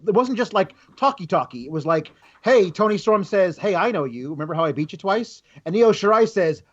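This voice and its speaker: High-voiced man on dull lo-fi audio. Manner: chatty, animated, quotes others in quick put-on voices. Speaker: podcast co-host. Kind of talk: casual review chat.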